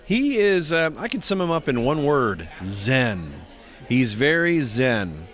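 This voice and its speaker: A middle-aged man, a voice actor, chatting in a convention interview and acting out quoted lines with big swings in his voice. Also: a little slow. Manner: animated storyteller, acts out quotes with big pitch jumps. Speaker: voice actor guest.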